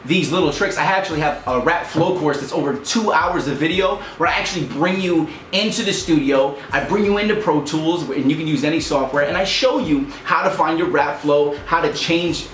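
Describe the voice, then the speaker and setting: A man's voice: fairly high pitch, fairly quick, hardly any pauses, a bit bright, a little hiss or hum. A man hosting a rap tutorial, explaining in a casual, upbeat way and counting out beats. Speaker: rap coach and channel host. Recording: echoey room with music behind.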